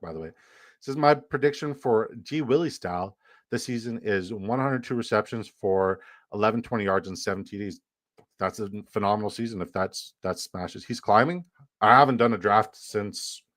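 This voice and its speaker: A man with a lowish voice hosts a fantasy football livestream, chatting casually and joking around. He's playful, reads chat messages aloud and adds jokey hype, and the studio-quality audio has no room sound.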